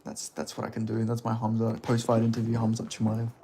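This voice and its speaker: A man's voice: fairly low pitch, completely flat delivery, brisk, creaky, warm tone, a little hiss or hum. A man chatting casually as a streamer, loose and rambling, with some swearing. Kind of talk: casual chat.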